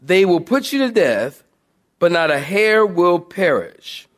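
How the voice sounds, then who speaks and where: A male pastor delivers a sermon in a high, lively voice. He tells stories with humor and animation and talks directly to the congregation. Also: takes it slowly. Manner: southern-style "y'all" to congregation.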